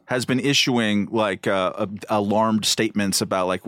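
A man co-hosting a casual political podcast chat, blunt and profane, animated when making a point. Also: fairly low pitch, normal speed, no echo. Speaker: podcast co-host.

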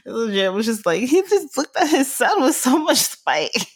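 A woman's voice: sits high, sing-song, normal speed, breathy edge, no echo, clean studio sound. A young woman hosting a podcast, chatting casually and teasing her partner, laughing often. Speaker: podcast host. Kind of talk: casual chat.

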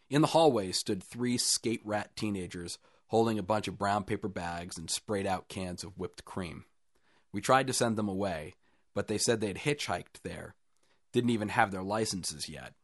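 A man reading a first-person short story aloud in a calm, even storytelling manner with dry understatement. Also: lowish voice, no room sound. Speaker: story reader.

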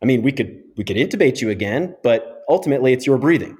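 A man's voice: medium pitch, lively intonation, fast talker, a little mellow. Middle-aged male physio guest, emphatic explainer, interview podcast.

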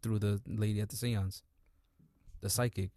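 A man talks casually in a low, mellow voice, laying out his thoughts steadily. The sound is dry and close, with no room around it. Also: little pitch movement, normal speed, dry recording. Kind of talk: casual chat.

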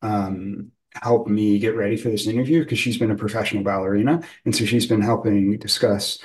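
A man's voice: lowish voice, fairly even intonation, fairly quick, poor audio. A man interviewing a guest, talking loosely and searching for words, with many fillers. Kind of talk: casual conversational interview.

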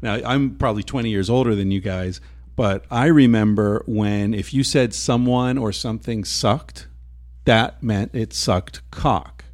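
A man's voice: on the low side, measured pace, a little mellow. A middle-aged man hosting a casual talk, blunt and profane in his manner. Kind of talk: casual chat.

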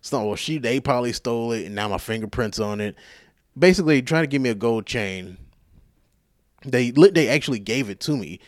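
A male podcast host telling a rambling story in casual chat, profane, animated and self-mocking, sounding tired. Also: medium pitch, a little fast, no echo, studio quality.

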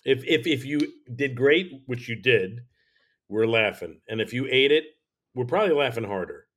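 A man's voice: mid-range voice, animated, normal speed, fairly bright tone. A man who is a comedian guest on a podcast, talking casually and openly and teasing his host now and then. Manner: candid, easygoing, teasing. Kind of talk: casual conversation.

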